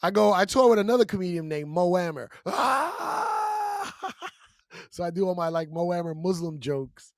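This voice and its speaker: A male comedian and podcast co-host telling a story in casual chat, slangy and animated, acting out what people said. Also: high voice, fairly quick, dry recording, clean studio sound. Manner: animated storyteller, slangy with "bro", acts out exchanges. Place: podcast studio. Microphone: studio mic.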